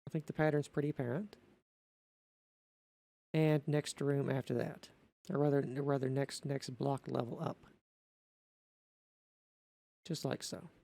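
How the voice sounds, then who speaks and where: A man talking through a building tutorial in an unscripted voice-over, methodical and halting, often correcting himself. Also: mid-range voice, flat delivery, vocal fry, mellow.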